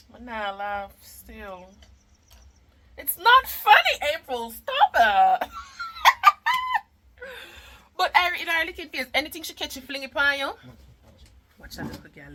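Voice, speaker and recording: A woman's voice: high voice, sharp tone, rough recording. A Jamaican woman and mother chatting casually in a vlog, emotional and talkative, mixing patois with English. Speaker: mother and vlogger.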